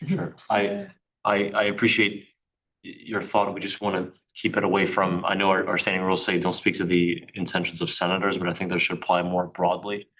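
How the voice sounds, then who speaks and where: A young man with a very low voice runs a student senate meeting. He moves through procedure plainly and adds dry asides. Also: little pitch movement, fairly quick, fairly bright tone, low-quality recording. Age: young adult. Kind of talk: chairing a student government meeting.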